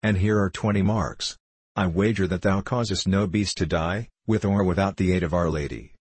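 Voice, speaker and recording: A man voicing a scornful, quick-tempered male forester who mocks in old-fashioned speech. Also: sits low, steady tone, slightly rough, dry recording. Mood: angry. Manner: mocking, archaic speech.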